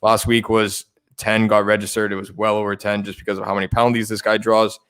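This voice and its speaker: A man co-hosting a fantasy football show in casual chat, excitable and often stumbling and repeating words. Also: lowish voice, quick pace, clean tone. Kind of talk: casual sports betting chat.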